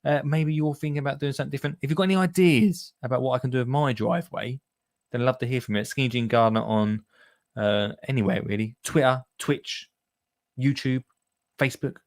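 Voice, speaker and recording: A man's voice: mid-range voice, steady tone, fairly quick, dry recording, clean studio sound. A man hosting a gardening podcast in a chatty, jokey way, rambling with lots of fillers. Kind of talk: casual chat.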